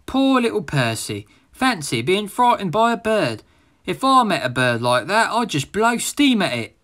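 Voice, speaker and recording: A man's voice: high voice, big pitch swings, measured pace, a bit bright, exaggerated voice. A man voicing a cheeky, proud young tank engine with a boastful, teasing manner. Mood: scoffing.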